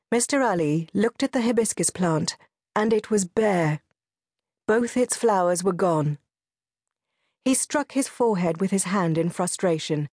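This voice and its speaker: A woman narrates a novel in an unhurried, measured way. Her voice sits slightly low. The studio sound is dry, with no room echo. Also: a little mellow. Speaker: audiobook narrator. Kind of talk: scripted audiobook narration.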